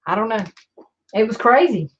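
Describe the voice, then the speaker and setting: Woman vlogger, sarcastic and rambling, swears a lot, a bit higher voice, slightly muffled recording. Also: lively intonation, moderate pace, fairly bright tone. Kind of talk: casual storytelling vlog.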